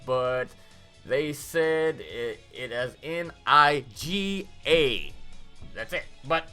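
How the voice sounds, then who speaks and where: A woman casually reviewing a cartoon episode, rambling through the plot. Her voice sits low yet swings widely in pitch, with a bright, forceful edge. Faint music plays behind her. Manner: rambling, animated recap with quick acted-out quotes.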